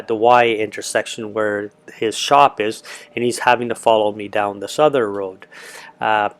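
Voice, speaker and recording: A middle-aged man casually recounting a travel experience, rambling with many fillers and restarts. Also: medium pitch. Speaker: travel vlogger. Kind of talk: casual storytelling.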